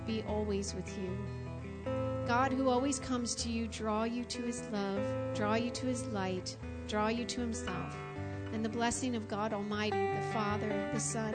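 A woman leading a church service in a slow, measured, reverent recited prayer and blessing. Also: medium pitch. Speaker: worship leader. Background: live guitar.

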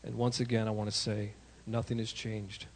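A man, a pastor, preaching an animated sermon with self-deprecating asides and sudden shouted prayers. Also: fairly low pitch, normal speed, slight background noise.

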